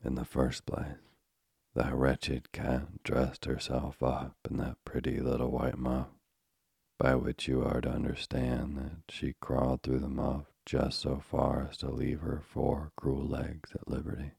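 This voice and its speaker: A man voicing a dramatic little female mouse who tells a tale, in a slow, solemn way. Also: extremely low pitch, monotone, gravelly, darkish tone, slightly rough, no room sound, studio quality, full character voice.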